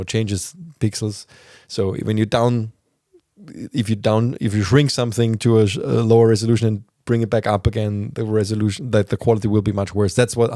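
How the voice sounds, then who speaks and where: A man's voice: on the low side, warm tone, no echo, studio quality. A man hosting a podcast, explaining news in a casual, rambling way with plenty of fillers. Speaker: podcast host.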